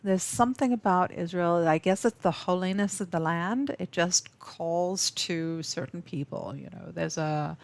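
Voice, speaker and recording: A woman from South Africa hosting a live webinar from an office, speaking warmly and effusively with frequent ums and restarts. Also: lowish voice, a little slow, few pauses. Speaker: webinar host. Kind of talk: live webinar talk to viewers.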